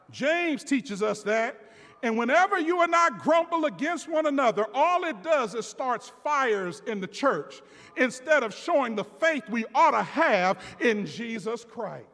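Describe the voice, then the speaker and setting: Male preacher, very high and animated delivery, unhurried sermon pace, swings from shouting to hushed. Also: gravelly. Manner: preaching with rising shouts and sudden quiet asides. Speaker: pastor. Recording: long reverb of a large hall.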